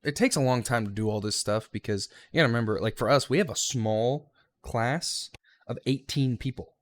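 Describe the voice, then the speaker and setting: A man's voice: medium pitch, moderate pace, no echo. A young man, a railroad conductor trainee, giving a rambling, casual vlog recap of his training week and swearing freely.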